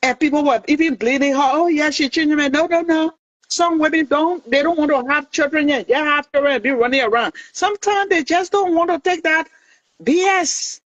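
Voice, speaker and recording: A woman's voice: high voice, moderate pace, no room sound. A woman calling in to a talk show, talking in a passionate, opinionated way with many restarts. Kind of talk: casual chat. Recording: dull lo-fi dry sound.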